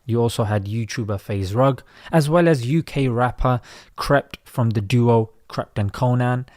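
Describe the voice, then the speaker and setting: A man's voice: mid-range voice, a little slow, a little mellow, no echo, studio quality. A man commenting on social media posts in a conversational, opinionated way.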